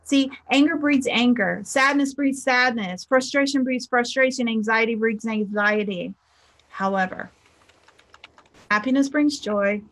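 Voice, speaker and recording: In a fairly high, fairly bright voice at a measured pace, a middle-aged life coach and spiritual teacher gives a chatty motivational talk. She spins stories and plays the people in them when quoting them.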